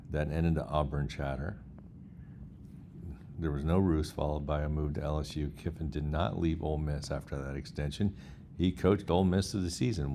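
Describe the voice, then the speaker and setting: A man's voice: rumbling low, noisy background. A man hosting a casual vlog, reading chatbot replies aloud with incredulous asides. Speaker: host.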